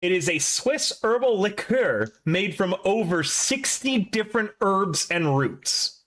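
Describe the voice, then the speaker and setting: A man running a tabletop game as game master, chatty and quick to laugh. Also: high voice, big pitch swings, a bit bright.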